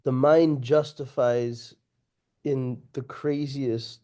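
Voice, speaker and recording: A man hosting a podcast, speaking slowly and thoughtfully in a reflective conversation. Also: medium pitch, steady tone, warm tone.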